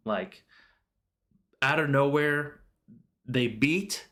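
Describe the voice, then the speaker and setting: A man hosting a relaxed live market stream, with a voice of ordinary middle pitch. He talks loosely and informally, often pausing on "um" and "uh" and correcting himself mid-sentence as he walks through charts and answers viewers. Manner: loose and chatty, many fillers and self-corrections; answers viewer chat questions. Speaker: livestream host. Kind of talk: casual live stock market commentary.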